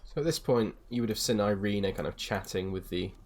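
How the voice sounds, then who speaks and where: A young man running a tabletop game as dungeon master, narrating with frequent hesitant pauses. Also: on the low side. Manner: hesitant, many ums, relaxed.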